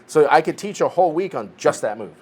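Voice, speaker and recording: A man's voice: fairly high pitch, lively intonation, quick pace. A man in his forties, a podcast co-host telling a training story in a casual chat, swearing freely and restarting his sentences. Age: 40s.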